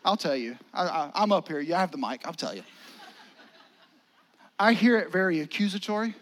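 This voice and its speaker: A male pastor, preaching a sermon in a conversational style with dramatic pauses and near-whispers. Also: high-pitched, expressive.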